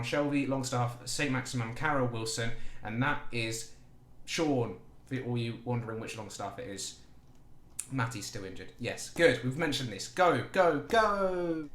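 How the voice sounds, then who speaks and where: A man in the middle of his pitch range talks through a football management game in a loose, chatty way, swearing freely and grumbling at the game. His voice carries a noticeable roomy echo. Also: normal speed, fairly bright tone. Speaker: gaming YouTuber. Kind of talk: casual game commentary.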